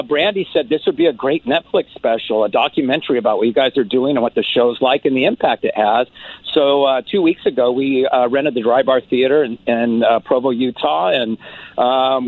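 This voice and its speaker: A man who does stand-up comedy, telling an animated story and acting out his own lines in a higher voice. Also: no room sound. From California. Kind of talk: podcast guest storytelling. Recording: tinny phone-like line.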